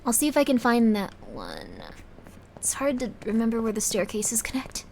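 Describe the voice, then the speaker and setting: A woman's voice: a little high, huge pitch swings, normal speed, creaky, darkish tone, a little hiss or hum. A woman streaming a game live, chatting to her viewers in a rambling, easily startled way.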